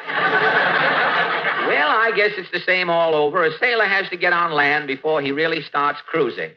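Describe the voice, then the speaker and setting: A wisecracking man hosts a 1940s radio comedy, his slightly high voice bouncing through puns. The recording is dull and hissy, like an old broadcast. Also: lively intonation, measured pace. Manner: wisecracking, punning.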